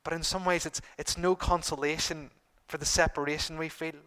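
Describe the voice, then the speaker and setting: A middle-aged man preaching a sermon to his congregation, earnest, repeating phrases and pausing for emphasis. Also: a little high, level tone, pushed and bright, clear, resonant tone. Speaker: pastor.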